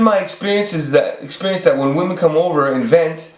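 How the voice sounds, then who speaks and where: His voice runs on the high side and a bit fast as this man in his 40s rants spontaneously on his video channel. The rant is rambling and full of swearing and restarts, and the room has an echo.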